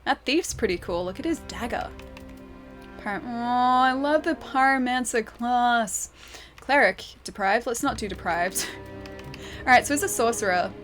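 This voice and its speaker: A young Australian woman with a slightly high voice chats away on a live game stream, giggling as she reads her viewers' messages. Soft game music plays faintly behind her. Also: expressive, measured pace. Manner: chatty and giggly, reads chat aloud.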